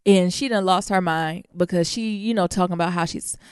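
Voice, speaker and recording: A woman's voice: on the low side, fairly quick, clear, resonant tone, dry recording, studio quality. A woman co-hosting a podcast in casual chat, telling stories animatedly and with plenty of cursing. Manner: animated, profane storytelling with acted-out quotes. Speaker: podcast co-host.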